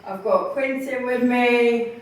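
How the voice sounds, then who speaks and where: A woman does a bawdy stand-up comedy set at a bar comedy night, with a slightly high voice. She giggles at her own stories and acts out the people in them. The sound is very echoey and seems to be recorded from across the room. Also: slow pace. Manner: bawdy, laughing at own jokes, quoting in voices. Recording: echoey bar, mic heard from far.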